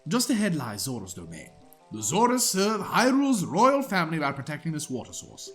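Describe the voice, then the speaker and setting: A man voicing a wise old male owl guide in a game, speaking slowly and solemnly. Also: on the high side, wildly swooping pitch, a bit bright, soft background music.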